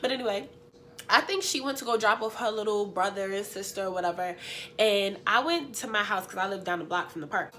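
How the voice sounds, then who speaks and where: A woman's voice: fairly high pitch, a little hiss or hum. Sniffly young woman telling a story. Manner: animated, slangy, emphatic storytelling. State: sniffly, feeling unwell. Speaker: vlogger. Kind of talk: story time.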